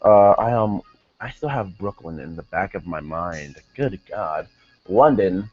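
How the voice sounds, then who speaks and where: A man's voice: low-pitched, expressive, measured pace, darkish tone. Rambling young man reviewing wrestling, lo-fi. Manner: rambling, many fillers and self-corrections. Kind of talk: casual video review. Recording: dull lo-fi sound, faint music behind.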